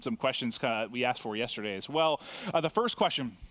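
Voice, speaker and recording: A young man hosting a live esports show, animated and quick to laugh. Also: mid-range voice.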